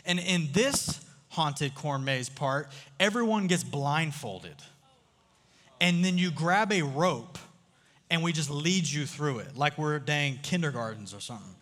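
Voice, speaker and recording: Talking at normal speed in a voice on the high side and a bit bright, a youth speaker gives a chatty storytelling sermon to a live audience. He jokes, frequently asks the crowd questions, and his words echo with long reverb in the large room.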